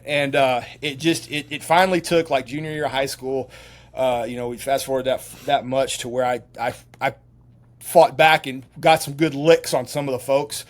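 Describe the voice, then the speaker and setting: A man's voice: medium pitch, steady tone, moderate pace. A middle-aged man, a retired soldier, telling long rambling stories as a podcast guest, with many restarts and fillers. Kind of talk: casual storytelling.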